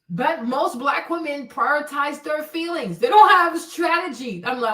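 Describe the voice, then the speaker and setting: A woman's voice: high-pitched, animated, moderate pace, few pauses, pushed and bright. Blunt, preachy woman in her forties. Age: 40s. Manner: blunt, preachy, keeps asking "right?". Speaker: live stream host. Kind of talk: casual livestream rant. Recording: echoey room, voice a bit far from the mic.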